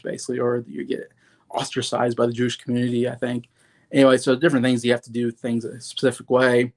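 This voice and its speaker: Gravelly rambling man reviewing movies. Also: medium pitch. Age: 30s. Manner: rambling, full of "like" and "you know"; enthusiastic, openly sentimental. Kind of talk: casual movie commentary.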